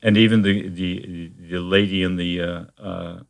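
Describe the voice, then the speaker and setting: Male therapist guest, very low voice, measured explainer, lots of "uh" and restarts. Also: little pitch movement, gravelly. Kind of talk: conversational interview.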